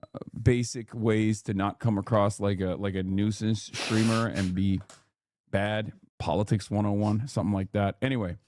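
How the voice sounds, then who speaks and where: A man's voice: lowish voice, flat delivery, normal speed, darkish tone, dry recording. A man talking casually in a played clip, rambling and restarting sentences.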